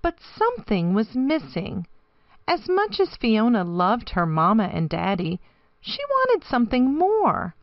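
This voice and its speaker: A woman reading a children's picture book aloud, slow and expressive, her voice rising and falling a lot. The recording is dry with a slightly dull sound. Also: a little high, no room sound. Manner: expressive, storytelling lilt. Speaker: storybook reader.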